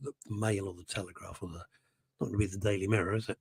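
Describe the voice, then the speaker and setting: A man's voice: low voice, flat delivery, very fast, vocal fry, breathy edge, no echo. A middle-aged man hosting a radio show, chatting casually in a rambling, self-interrupting way and reading out listener messages.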